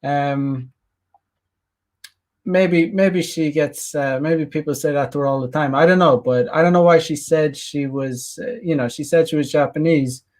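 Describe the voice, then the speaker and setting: Halting man rambling through a casual vlog. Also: fairly high pitch, steady tone, darkish tone. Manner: halting, full of fillers and restarts. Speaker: dating coach vlogger. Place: Japan.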